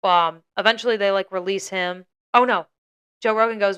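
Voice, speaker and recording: A woman's voice: mid-range voice, steady tone, a little fast, a bit bright, smooth. A young woman co-hosting a podcast, casually retelling a story with lots of "like" and acted-out quotes. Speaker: podcast co-host.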